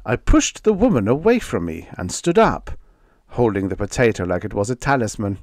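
A man reading a vintage science fiction story aloud as scripted first-person narration, with expressive, unhurried storytelling. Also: lowish voice, no room sound, clean studio sound. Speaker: audiobook narrator.

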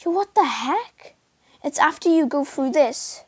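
A woman chatting casually through her gameplay video, excitable and yelping as she plays. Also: high-pitched, a little slow, no echo. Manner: excitable, calls out and yelps while playing. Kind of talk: casual game commentary. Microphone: screen recorder mic.

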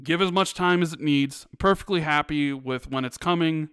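A man's voice: on the high side, moderate pace, smooth, dry recording, clean studio sound. A man co-hosting a podcast in casual chat, ranting emphatically and repeating himself for stress. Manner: animated, emphatic ranting with repetitions. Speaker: podcast co-host.

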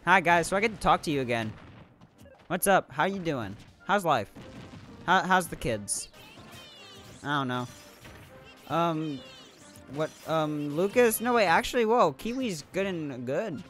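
A man's voice: on the high side, animated, a little slow, pauses often, a bit bright. A young man streaming a video game, chatting casually with viewers, playfully salty and laughing often. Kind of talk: casual live game commentary. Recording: faint background music.

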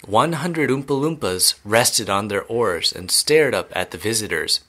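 A man reading a children's novel aloud clearly and steadily, as an English teacher. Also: fairly low pitch, expressive, unhurried, bright, forceful tone.

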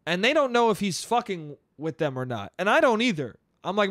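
A man with a high voice tells a story on his own podcast, cursing casually and wandering off track. He laughs at his own lines. The sound is dry and close. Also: sing-song, fairly quick, fairly bright tone, dry recording. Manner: rambling, profane, laughs at his own stories. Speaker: podcast host.

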